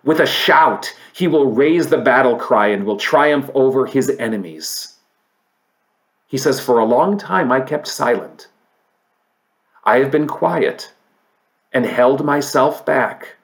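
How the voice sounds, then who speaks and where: Male pastor, mid pitch, unhurried sermon delivery with emphatic scripture readings. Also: expressive. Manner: preaching, reads scripture aloud, rises to emphatic peaks then drops low.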